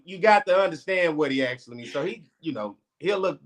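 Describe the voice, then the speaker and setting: A man talks football on a casual sports show, rattling off stats in a lively run. His voice sits a little higher than most men's. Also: a little fast. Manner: animated, reads game stats in a steady run. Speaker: sports talk show co-host. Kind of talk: casual sports talk and stat recap.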